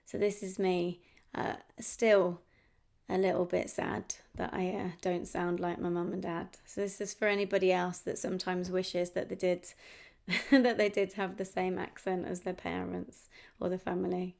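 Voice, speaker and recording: A woman's voice: on the low side, little pitch movement, gravelly, a little mellow. A woman poet with an English accent, reading poems aloud and introducing them in a reflective, casual way. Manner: reflective, unhurried delivery with casual asides. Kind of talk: poetry reading with chatty introductions.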